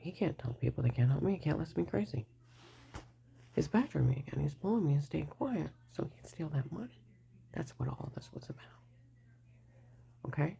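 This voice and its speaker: Gravelly whispering older woman. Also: extremely low pitch, moderate pace, long pauses, dark tone. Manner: whispering, rambling and agitated. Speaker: vlogger telling her story. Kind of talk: whispered personal account.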